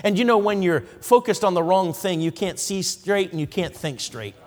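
A male evangelist preaching with fervor, his high voice climbing into shouts at the peaks of his sermon. The sound rings with the long reverb of a large hall. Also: moderate pace. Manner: impassioned preaching, rising to shouts.

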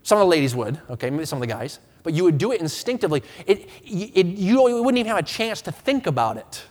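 A man in his thirties delivering a sermon, his voice sitting high for a man. He moves from hushed earnest appeals to loud, impassioned pleading and trips over restarts as he presses his point. The long reverb of a church hall trails every phrase. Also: very animated, fast talker. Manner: impassioned preaching, swelling from quiet to loud; stammering restarts. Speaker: pastor. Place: church sanctuary with a congregation.

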